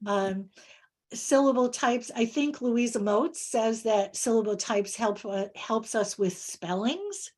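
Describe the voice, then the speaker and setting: A woman presenting on reading instruction in a webinar, answering questions in a halting way with many pauses and word examples. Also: on the high side, expressive, a little mellow. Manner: halting, many fillers and restarts.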